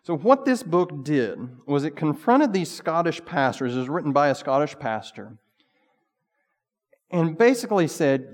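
A man's voice: fairly high pitch, very animated, a little slow. Man preaching casually in a big hall. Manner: casual, conversational preaching with bursts of emphasis. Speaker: pastor. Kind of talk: sermon.

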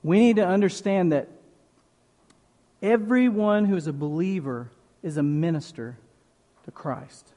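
A male pastor delivers his sermon at an unhurried, emphatic pace, repeating key phrases for weight. His voice sits a little high for a man. The sound carries a long reverb, as in a large church hall. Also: mellow.

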